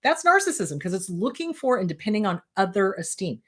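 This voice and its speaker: A woman's voice: medium pitch, sing-song, a little fast, fairly bright tone, slightly rough. A woman therapist and host, answering viewer questions in a blunt, emphatic, casual way.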